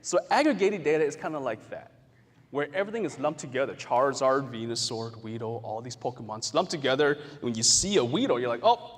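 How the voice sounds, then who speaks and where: A man giving a lively talk to a live audience, playful and asking the room questions. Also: medium pitch. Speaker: guest speaker. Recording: long reverb of a large hall.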